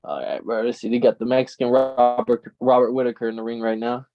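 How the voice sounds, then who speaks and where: A man's voice: mid-range voice, level tone, a little fast, music in the background. A man co-hosting a casual fight-watching chat, laid-back and calling his friends "bro". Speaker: podcast co-host. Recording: dull lo-fi mic with faint background noise.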